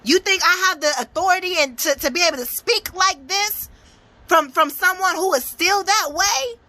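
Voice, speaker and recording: A woman's voice: extremely high pitch, normal speed, bright, forceful tone, dry recording. A young adult woman giving a blunt, profane, emphatic motivational tarot reading. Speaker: motivational speaker and tarot reader.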